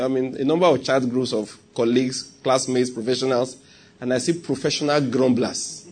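A man with a Nigerian accent preaching a sermon, animated, with laughing asides and softly acted prayers. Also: a little high, breathy edge.

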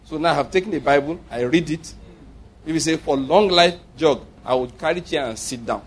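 A man's voice: fairly high pitch, quick pace, breathy edge. A man preaching a sermon to a congregation, jokey and digressive, often repeating himself as he explains. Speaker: pastor.

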